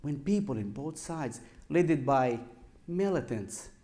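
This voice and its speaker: Measured man telling a story on stage. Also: medium pitch, expressive, mellow. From Israel. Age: 30s. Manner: slow, deliberate, with dramatic pauses between phrases. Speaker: public speaker. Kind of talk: prepared storytelling speech. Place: lecture forum before an audience.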